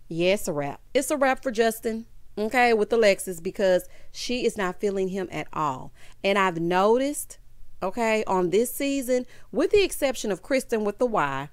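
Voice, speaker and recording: A woman hosting a casual reality TV recap, sassy and animated, calling her listeners honey and child. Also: fairly high pitch, moderate pace, dry recording.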